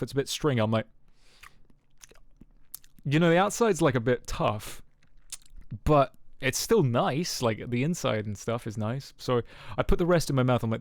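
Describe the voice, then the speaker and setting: A man's voice: medium pitch, no echo, studio quality. A young man streaming, telling a rambling story to his chat with lots of fillers and swearing. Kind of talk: casual chat with viewers. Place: home streaming setup.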